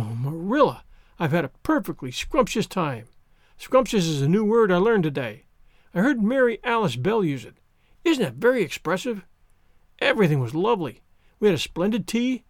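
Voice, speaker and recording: A man's voice: sits high, no room sound, studio quality. A male narrator voicing an imaginative, talkative orphan girl of about eleven in a storybook reading, gushing and dramatic.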